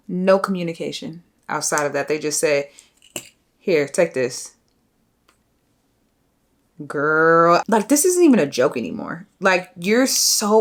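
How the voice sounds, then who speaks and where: A young adult woman vlogger talking casually to her viewers, venting in an animated, exasperated way with slangy asides. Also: fairly low pitch, slow pace, pauses often. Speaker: beauty vlogger. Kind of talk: casual vlog rant to camera.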